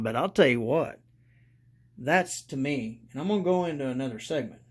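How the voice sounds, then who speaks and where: A man hosting a casual hobby review video, talking slowly and rambling, getting excited and calling out to his viewers as guys. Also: mid-range voice, breathy edge. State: congested from allergies. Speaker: model railroad channel host.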